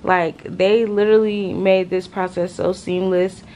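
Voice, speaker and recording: A woman's voice: fairly low pitch, flat delivery, a little mellow. A young woman talks straight to her viewers from a hospital room, worn out, her words drawn out and loose with slang. A faint hum of noise sits behind her voice. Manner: tired, drawn-out casual slang. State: exhausted. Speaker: vlogger. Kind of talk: casual talk to camera.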